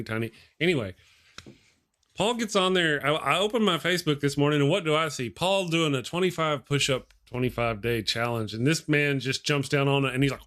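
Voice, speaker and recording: A man's voice: a little high, a bit bright. A man in his forties hosting a casual livestream talk show, jokey and rambling, laughing often between his remarks. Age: 40s. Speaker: host. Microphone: webcam set above.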